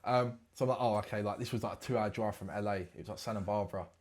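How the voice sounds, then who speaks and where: A man's voice: lowish voice, fairly even intonation, rapid-fire, a little mellow. A man in his twenties, a guest rambling through a story with loads of British slang in casual interview chat. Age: 20s.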